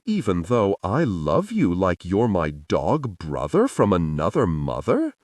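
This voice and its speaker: A gushing, tipsy young man, voiced by a male audiobook narrator, all giddy feels and near tears. His low voice swoops all over as he drags the words out. Dry, close studio sound. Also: wildly swooping pitch, measured pace, a little mellow, no room sound, recorded from a distance, exaggerated voice. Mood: weepy. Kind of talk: audiobook character voice.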